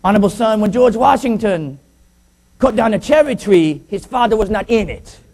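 A stern older father speaks in stiff, formal broken English, his voice set a little higher than the teller's own, as a man puts him on. He sounds dry and unbending. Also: lively intonation, moderate pace, darkish tone.

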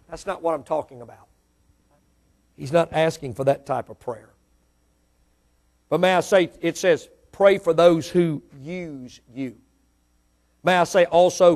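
A man preaching a sermon as pastor, with call and response and loud emphatic peaks. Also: a little high.

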